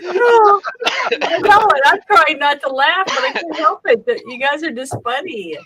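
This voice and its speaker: A woman's voice: high-pitched, expressive, unhurried, bright, forceful tone, rough recording. A woman playing a tabletop game, giggling and talking between laughs. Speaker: player. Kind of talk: casual tabletop game chat.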